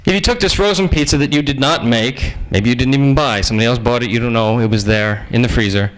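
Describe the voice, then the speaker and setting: A man giving a humorous sermon-style lecture in a conversational, joking way with lively asides. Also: medium pitch, quick pace, low-quality recording.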